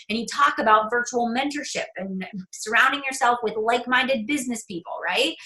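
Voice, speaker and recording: A woman's voice: fairly high pitch, sharp tone, poor audio. A woman business coach presenting on a group call, chatty and informal, often checking in with "right?". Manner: chatty, talks to herself aloud, many "right?" tags.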